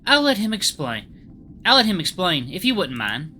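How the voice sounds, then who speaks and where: A man's voice: high voice, very animated, moderate pace, sharp tone, pitched above the performer's own voice, heavily acted. A man voicing an anxious young woman on a ship's crew, nervously explaining. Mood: worried.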